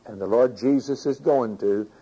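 A man's voice: medium pitch, moderate pace, warm tone, husky, dull audio. A man preaching a sermon, reading scripture aloud, commenting on it and putting questions to his congregation.

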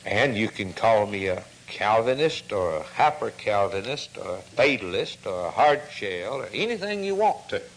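A man preaching a sermon, fervent and full of rhetorical questions, often dropping to a hushed tone. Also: lowish voice, sing-song, normal speed, few pauses, slight background noise, poor audio.

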